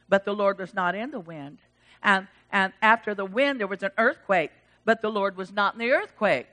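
A woman preaching a sermon, animated, swinging from loud exclamations to hushed asides and acting out the voices of the people in her text. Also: mid-range voice, fairly quick. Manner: acts out quoted voices of God and Elijah.

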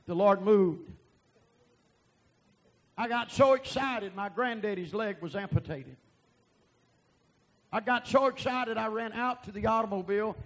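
A man preaching a sermon and telling a testimony, animated and bursting into loud emphasis. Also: sits high, a little slow, pauses often, low-quality recording.

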